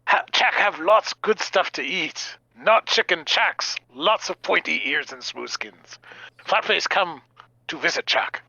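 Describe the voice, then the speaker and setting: A man's voice: fairly high pitch, lively intonation, a little slow, vocal fry, bright, forceful tone, no room sound, lo-fi sound, voice pushed up, exaggerated voice. A man voicing a friendly lizardfolk creature who talks in broken, clipped phrases. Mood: eager.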